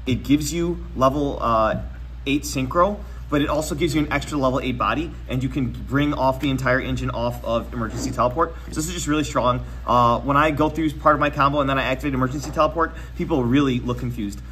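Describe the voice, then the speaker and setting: A young man giving a casual deck breakdown, talking quickly with lots of fillers and going a little out of breath. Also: medium pitch, slight background noise. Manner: quick, filler-heavy, trails off quietly. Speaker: deck profile presenter. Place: card tournament venue.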